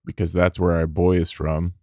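A man's voice: deep voice, flat delivery, moderate pace, dark tone, no room sound, clean studio sound, lightly acted. A man playing Satan as a laid-back, joking devil in improvised comedy podcast banter, reacting casually and easily amused. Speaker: co-host.

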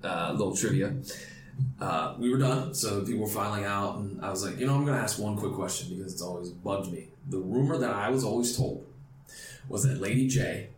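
A man's voice: lowish voice, brisk, roomy sound, a little hiss or hum. A man hosting a podcast interview, telling stories animatedly, acting out quotes and laughing often. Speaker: podcast host interviewing guests. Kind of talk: casual interview chat.

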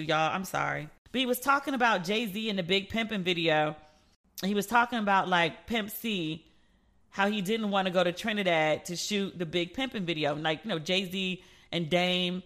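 Bright-voiced sassy woman host. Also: medium pitch. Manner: animated storyteller who acts out quoted people; sassy and playful. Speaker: podcast host. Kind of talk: casual chat, gossip commentary.

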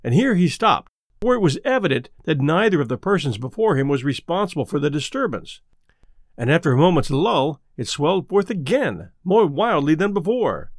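A man reading a ghost story aloud as narrator, with expressive storytelling. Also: fairly high pitch, moderate pace, no room sound, clean studio sound. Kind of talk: scripted narration.

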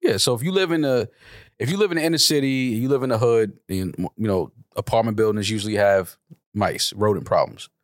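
A man's voice: on the low side, a little fast, no echo, studio quality. A man co-hosting a podcast in casual chat, blunt and exasperated, swearing freely. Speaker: podcast co-host.

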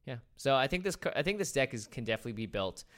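A man co-hosting a podcast, talking casually in a relaxed, agreeable way. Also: mid-range voice, racing. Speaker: podcast co-host. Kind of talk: casual chat.

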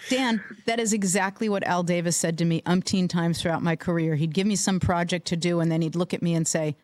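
A woman's voice: lowish voice, a little fast, no room sound. Emphatic woman co-host, dry studio sound. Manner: emphatic, animated. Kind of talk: casual chat.

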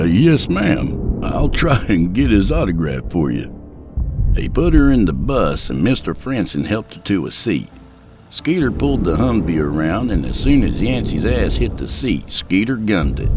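A man narrating a scripted story in a dry, folksy, humorous way. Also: on the low side. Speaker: narrator and host.

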